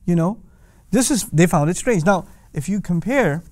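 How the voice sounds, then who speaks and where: Animated male Quran lecturer, dry close sound. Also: high voice, normal speed, dry recording. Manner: animated, rhetorical questions, emphatic. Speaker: Quran teacher.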